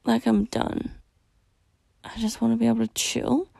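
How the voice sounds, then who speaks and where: Young woman, podcast host, heavy vocal fry, dry recording, raw candid venting. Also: a little high, level tone, normal speed, warm tone, no room sound. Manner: raw, venting, frequent swearing. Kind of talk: candid solo podcast monologue.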